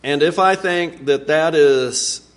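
A man preaching a sermon, earnest and animated, with sudden swings in pitch and volume. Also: slow pace. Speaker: pastor.

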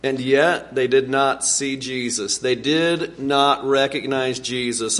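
A man preaching a sermon, earnest and animated, with sudden swings in pitch and volume. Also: slow pace, few pauses. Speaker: pastor.

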